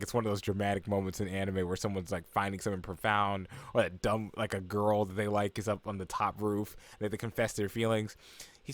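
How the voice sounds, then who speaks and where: A man's voice: lowish voice, dry recording. Rambling young man recapping anime. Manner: rambling, full of fillers and asides. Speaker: anime reviewer.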